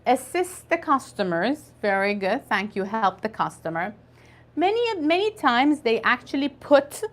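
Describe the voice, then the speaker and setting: A woman teaching an online English conversation class, patiently spelling out words and drilling pronunciation. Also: medium pitch.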